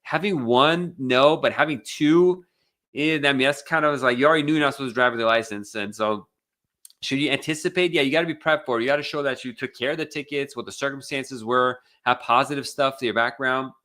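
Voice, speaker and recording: A man's voice: medium pitch, a little fast, bright, forceful tone. An American man hosting a live legal Q&A, speaking casually with many fillers and restarts. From United States. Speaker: immigration attorney hosting a live Q&A. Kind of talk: casual live Q&A, reading viewer questions.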